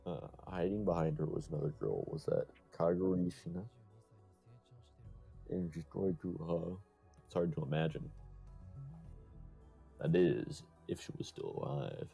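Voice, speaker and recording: A man streaming, reading a visual novel aloud and chatting casually, laid-back and halting with many pauses. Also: deep voice, animated, gravelly, dark tone, husky, soft background music.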